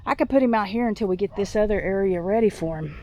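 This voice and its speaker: A woman vlogging outdoors on her farm while doing chores, sick and a little out of breath, thinking out loud with many restarts. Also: mid-range voice, fast talker, slight background noise. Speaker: homestead vlogger.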